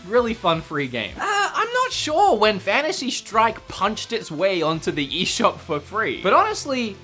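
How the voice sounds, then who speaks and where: Bubbly man hosting a game review, pitch bouncing all over, chatty and self-deprecating. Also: soft background music. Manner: energetic, chatty, self-mocking, quick to laugh. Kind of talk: upbeat game review video.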